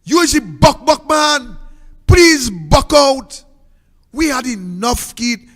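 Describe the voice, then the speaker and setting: A man's voice: very high-pitched, expressive, slow, a bit bright, in a large hall. A man with a Trinidadian accent, hosting a political commentary show and pleading with a sing-song, preaching cadence. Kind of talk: impassioned political plea.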